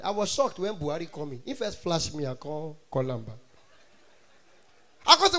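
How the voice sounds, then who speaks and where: A man with a Nigerian accent doing stand-up comedy, animated and often breaking into mock singing. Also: fairly high pitch, fast talker.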